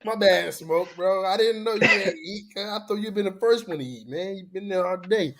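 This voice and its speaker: Man, slightly high voice, sick, chatty and laughing among friends. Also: moderate pace, a bit bright. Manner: laughing, repeats "you know what I mean". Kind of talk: casual banter.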